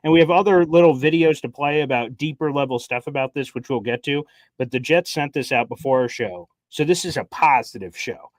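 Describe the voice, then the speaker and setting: A man co-hosting a casual sports talk show, telling a story in a lively way and acting out his own reactions. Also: medium pitch, a little fast, dry recording. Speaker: podcast co-host. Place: radio station studio.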